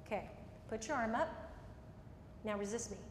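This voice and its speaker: A woman with a high voice runs a live workshop and coaches a room of attendees in a direct, brisk way. She is recorded in an echoey meeting room with a long reverb tail. Faint room noise sits behind her. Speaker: workshop trainer. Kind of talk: live workshop lecture and demo. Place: meeting room before a group. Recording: echoey room, mic at a distance.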